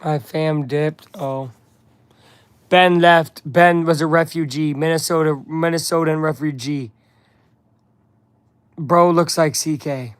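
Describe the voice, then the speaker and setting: A man's voice: fairly high pitch, steady tone, takes it slowly, long pauses, smooth, no echo. A young man chatting casually with viewers, joking in slangy banter.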